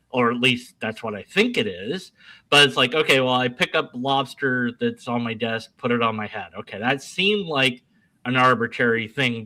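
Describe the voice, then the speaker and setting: A man with a bright, forceful voice talks on an online panel from his desk at home. He rambles, restarts his sentences and jokes at his own expense in a goofy way. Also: medium pitch, poor audio. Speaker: YouTuber and panel guest. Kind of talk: casual rambling panel talk.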